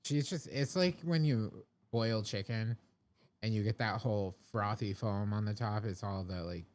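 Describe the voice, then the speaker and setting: A man's voice: on the low side, normal speed, a little mellow. A young man co-hosting a casual podcast, swearing freely and laughing often. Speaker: podcast co-host.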